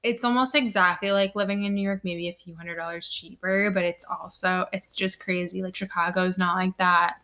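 A woman's voice: on the low side, steady tone, moderate pace, few pauses, pushed and bright. A woman in her twenties co-hosting a podcast, talking in an earnest, heartfelt, casual way. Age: 20s. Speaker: podcast co-host. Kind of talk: casual chat.

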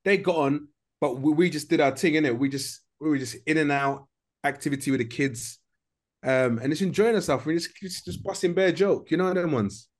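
Un homme d'âge moyen à l'londonien raconte une anecdote avec entrain, dans une discussion décontractée de podcast. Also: male voice, a little high, brisk. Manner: animated storytelling, lots of slang. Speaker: podcast co-host. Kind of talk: casual chat.

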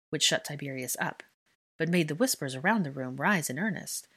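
A woman narrating a fan fiction story aloud in a measured, even way. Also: sits low, breathy edge. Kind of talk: audiobook narration.

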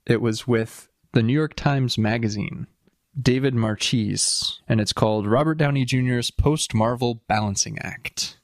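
A man co-hosting a casual podcast, reading quotes aloud and chatting with dry, deadpan humor. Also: medium pitch, a little slow, dry recording. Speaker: podcast co-host.

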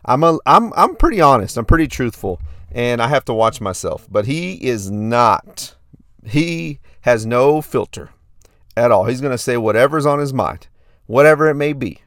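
A man's voice: mid-range voice, lively intonation, normal speed, dry recording, clean studio sound. A man in his thirties hosting a fitness podcast, telling a story in a hyped, repetitive way. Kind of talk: casual podcast monologue.

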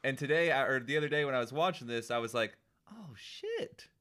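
A man's voice: medium pitch, racing, a bit bright. A man co-hosting a podcast, jokey and teasing, laughing often. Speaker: podcast co-host. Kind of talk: casual podcast chat.

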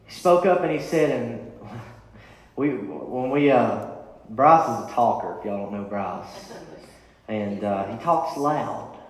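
A man preaching a sermon in a church, with rising, impassioned calls and repeated refrains. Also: medium pitch. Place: church sanctuary. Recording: echoey church hall.

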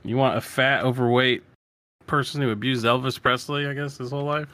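Guy on a sports podcast, bright clear voice, riffing jokes nonstop. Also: mid-range voice, fairly even intonation, a little fast, no room sound. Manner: joking, riffing with comic lists. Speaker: podcast co-host. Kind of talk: casual sports chat.

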